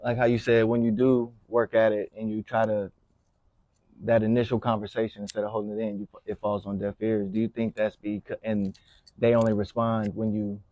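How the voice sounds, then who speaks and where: Low-voiced man asking probing questions. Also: little pitch movement, a little fast, dry recording. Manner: probing, asks long questions. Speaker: podcast co-host. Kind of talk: casual chat. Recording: dry, muffled sound.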